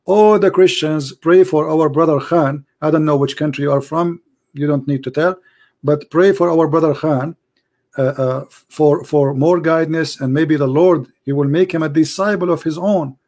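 A man with an Arabic accent hosts a live call-in show, his voice hoarse and worn from long talking. He sits a little high in pitch and preaches fervently, building to emphatic declarations. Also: fairly even intonation, moderate pace, darkish tone.

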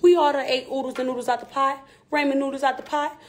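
A woman's voice: sits high, little pitch movement, fast talker. A woman rapper, talking candidly and emphatically on a live stream in repetitive street slang.

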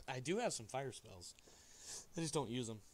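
A man's voice: mid-range voice, expressive, measured pace, dry recording. A man streaming a game with friends, joking around and laughing often in casual chat.

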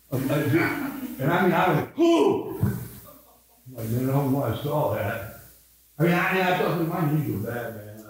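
A man in his seventies with a Midwestern American accent, a pastor telling rambling, self-mocking stories in a casual Bible study. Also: a little high. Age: 70s. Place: church room. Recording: echoey room, mic far off.

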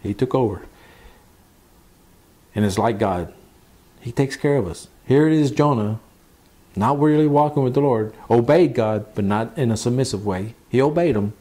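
Pastor preaching in a mellow voice. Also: male voice, mid-range voice. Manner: preaching with pauses, rhetorical questions and scripture reading. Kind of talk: sermon.

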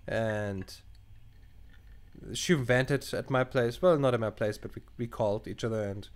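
A man's voice: mid-range voice, unhurried, clean tone. A young man, not a native English speaker, casually commenting on a game he plays, thinking aloud and swearing as he reacts. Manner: animated, swearing, thinking aloud while reading choices. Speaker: gaming channel host. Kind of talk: casual let's play commentary.

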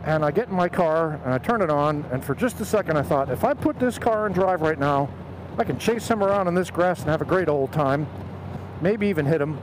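Riding a motorcycle outdoors, a middle-aged man motovlogs through a helmet headset mic, his voice on the high side and fairly quick. He animatedly tells a story from his youth, acting out the voices of the people in it, with road and traffic noise behind him.

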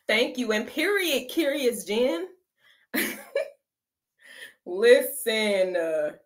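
A woman's voice: mid-range voice, fairly bright tone. A woman hosting a reaction video, talking casually to her viewers in slangy, chatty speech and laughing often.

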